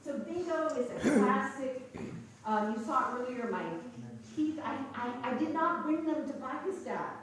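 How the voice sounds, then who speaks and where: A woman's voice: high-pitched, expressive, unhurried. A woman giving a chatty pronunciation workshop, full of ums and restarts. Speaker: pronunciation teacher trainer. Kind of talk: workshop presentation. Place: large lecture room. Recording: echoey hall from far off with noise.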